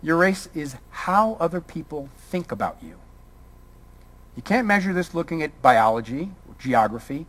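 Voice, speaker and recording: A man's voice: fairly high pitch, sing-song, moderate pace, a bit bright. A man from Brooklyn giving a college lecture, firing a string of rhetorical questions at the audience. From Brooklyn, New York. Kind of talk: public lecture.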